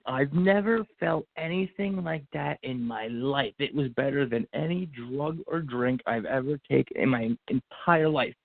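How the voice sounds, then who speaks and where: A man guest on a podcast telling an emotional personal story, animated and acting out what people said, with many fillers and restarts. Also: medium pitch, unhurried, gravelly, hardly any pauses, no echo. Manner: animated, acts out quotes, frequent fillers and restarts. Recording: phone-like narrow band audio.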